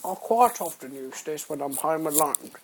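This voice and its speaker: Man doing a squeaky eccentric funny-guy alter ego. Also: expressive, normal speed, a little hiss or hum. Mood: playful. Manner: exaggerated, sing-song, bursts of loudness.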